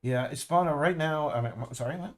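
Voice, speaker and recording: A man's voice: fairly high pitch, a little fast, soft background music. A man chatting casually on a livestream, rambling and often restarting and correcting himself mid-sentence. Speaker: streamer. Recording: roomy echo.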